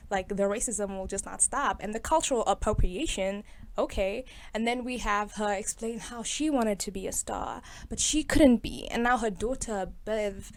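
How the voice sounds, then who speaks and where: Young woman host, slightly high, sarcastic and chatty movie commentary. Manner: sarcastic, chatty, laughs often. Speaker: video host reviewing a film. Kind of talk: casual commentary.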